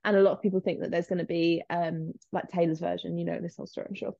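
Fast-talking gossipy young woman. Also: lowish voice, flat delivery, gravelly, mellow, dry recording. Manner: chatty, gossipy, quick with fillers. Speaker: podcast co-host. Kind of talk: casual chat. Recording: slightly dull, lo-fi sound.

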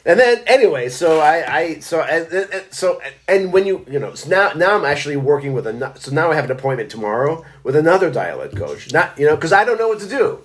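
A middle-aged man, an actor, in casual chat, talking in halting, self-deprecating bursts and laughing often. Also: fairly high pitch, sing-song. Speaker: stage actor.

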